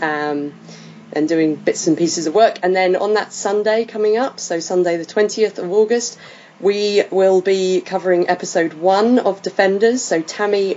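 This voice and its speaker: British female podcast host, low register, rambling fillers, muffled recording. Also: darkish tone, a little hiss or hum. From Britain. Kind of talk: casual chat.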